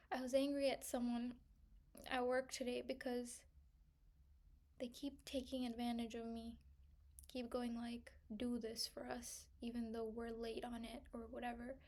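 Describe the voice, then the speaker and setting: A young woman speaks in a high voice in a personal vlog monologue. She is reflective and searching, pausing often and filling gaps with "like." At times she sounds tearful. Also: completely flat delivery, a little mellow. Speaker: vlogger.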